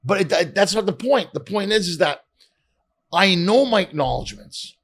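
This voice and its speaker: Gravelly Canadian-born comedian telling stories. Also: male voice, high-pitched, moderate pace. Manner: animated, acts out dialogue with swearing. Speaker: comedian guest. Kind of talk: casual storytelling interview.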